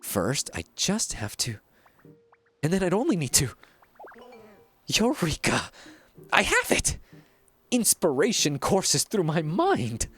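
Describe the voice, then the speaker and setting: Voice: medium pitch, wildly swooping pitch, slow, long pauses, fairly bright tone, slightly rough, soft background music, voice pushed up, heavily acted. A gamer reading out a pompous, flamboyant art teacher's lines in a grandiose, theatrical way. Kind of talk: reading game dialogue aloud.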